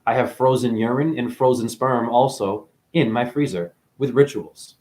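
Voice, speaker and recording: A man's voice: medium pitch, normal speed, darkish tone, slight background noise. A man delivering a profane, preachy spiritual rant straight at his viewers, swearing freely as he lectures them. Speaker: vlogger.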